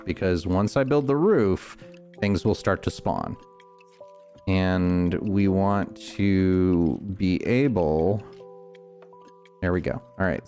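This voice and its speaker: A man with a Northeastern US accent and a low, deep voice chats casually over a game stream. He rambles thoughtfully and often restarts his sentences. Soft music plays faintly behind him. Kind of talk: casual gameplay chat.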